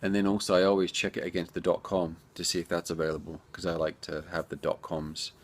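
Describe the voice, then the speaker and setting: Low-pitched and flat, a man's voice moves fast as he answers viewer questions in a casual Q&A. He's an indie game developer who talks straight to his audience in a chatty, rambling style.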